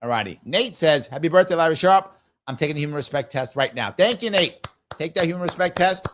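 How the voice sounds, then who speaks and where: A man's voice: fairly high pitch, lively intonation, fairly quick, a bit bright. A man in his fifties hosting a live stream, reading viewer comments aloud and answering them in a casual, musing way, often repeating his phrases. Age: 50s. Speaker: show host.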